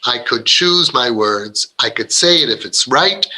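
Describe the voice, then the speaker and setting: This parenting speaker talks to parents in an earnest, meandering, inspirational way, restarting lines and voicing kids and parents as he quotes them. His mid-range voice is bright and forceful, with lively intonation and a measured pace, though the recording quality is low.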